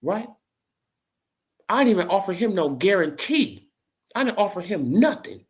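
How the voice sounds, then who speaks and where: Brief: man doing a vindictive fight-game manager, taunting, swinging from low growls to high jeers. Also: very animated, normal speed. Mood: scolding. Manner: taunting, scolding, rhetorical questions. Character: controlling, spiteful male boxing manager.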